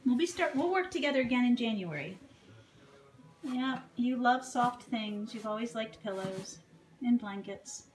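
A woman with a fairly high voice talks to her horse in a doting, cooing way, as if to a child. She is in an echoey indoor room off a stable. A faint background hiss stays underneath. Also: animated, unhurried. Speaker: horse owner filming her mare. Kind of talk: casual vlog talking to a horse. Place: indoor office beside a stable.

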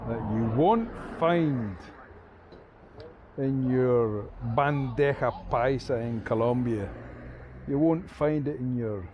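A Scottish man in his fifties, a travel vlogger giving chatty, playful walking-tour commentary on a small-town high street, with quirky made-up words. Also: noisy background. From Scotland. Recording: muffled lo-fi street recording.

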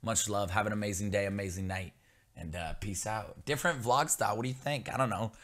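A young man talking casually as the host of his vlog, loud, upbeat and joking. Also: lowish voice, brisk. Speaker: vlogger.

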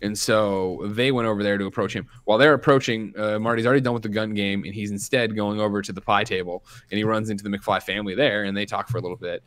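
A young adult man co-hosting a podcast, recapping a film in a rambling, animated way with lots of fillers. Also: on the low side, fast talker, few pauses, no echo. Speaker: podcast co-host. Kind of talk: casual chat recapping a film.

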